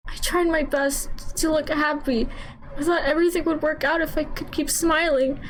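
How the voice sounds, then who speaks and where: A woman's voice: sits high, fairly even intonation, normal speed, slight background noise, lightly acted, rough recording. A woman voicing a distraught young woman in a game, sobbing, stammering and pleading.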